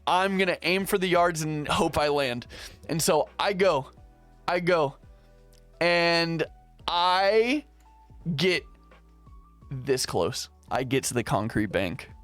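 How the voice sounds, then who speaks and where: A young man telling a story casually, slangy and animated, playing out his own past lines. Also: on the high side, takes it slowly, pauses often, faint music behind.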